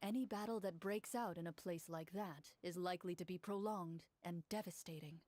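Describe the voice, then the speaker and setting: A woman's voice: on the low side, a little mellow, slight background noise. Woman narrating as game master. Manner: measured, descriptive storytelling. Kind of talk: narrating a tabletop role-play.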